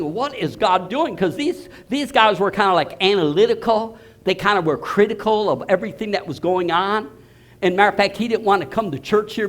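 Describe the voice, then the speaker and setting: Animated older preacher, high voice. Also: male voice. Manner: animated storyteller, swings from low murmurs to loud exclaims. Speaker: pastor. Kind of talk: storytelling sermon.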